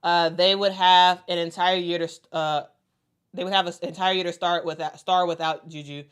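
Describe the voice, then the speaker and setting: A woman's voice: on the low side, little pitch movement, moderate pace, clean tone. A woman commentating on basketball in a casual way, reading out viewer comments and repeating her points for emphasis. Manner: emphatic, repeats herself for stress.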